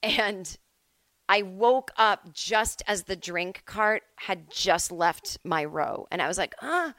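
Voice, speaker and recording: A middle-aged woman hosting a comedy podcast from home, telling a rambling, self-deprecating story with lively asides. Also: on the low side, slow pace, no room sound. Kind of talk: casual comic storytelling.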